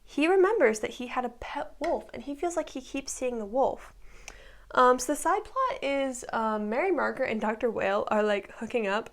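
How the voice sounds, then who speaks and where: A woman's voice: a little high, lively intonation, moderate pace. A woman in her twenties recapping a TV show in a casual, rambling way, full of likes and ums. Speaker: recap vlogger.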